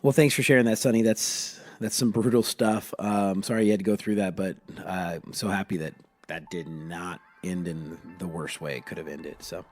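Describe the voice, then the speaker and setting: Low-voiced man hosting a podcast. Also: normal speed, few pauses, no room sound, faint music behind. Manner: relaxed, filler-heavy, friendly teasing. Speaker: youth pastor and podcast host.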